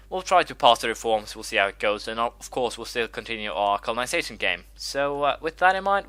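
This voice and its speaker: A man's voice: mid-range voice, bright, forceful tone, clear, resonant tone, no room sound. A man hosting a strategy-game let's play, thinking aloud with many fillers and restarts while he has the hiccups. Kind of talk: gameplay commentary.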